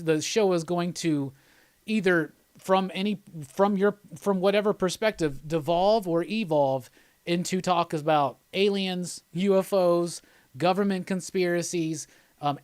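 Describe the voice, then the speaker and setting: A man's voice: sits high, a little slow, clean tone, dry recording. A man hosting a live stream, chatting casually in a loose, rambling, jokey way and reading out viewer comments.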